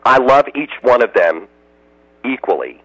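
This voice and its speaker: A man's voice: mid-range voice, big pitch swings, unhurried, fairly bright tone, dry recording, rough recording. An American man, a radio interview guest, telling emotional stories and slipping into other people's voices. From United States.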